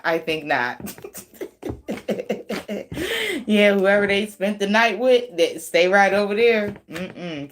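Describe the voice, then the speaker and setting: A woman's voice: deep voice, slight background noise. A woman doing a tarot reading in casual, blunt, profane talk, teasing and laughing often. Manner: slangy, teasing. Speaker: tarot reader.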